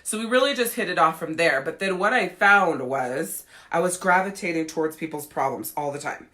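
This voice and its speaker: A woman in her thirties, a podcast host and life coach, tells a personal story in a blunt, profane, frank way. Her lowish voice is pushed and bright, and she speaks briskly in casual storytelling style.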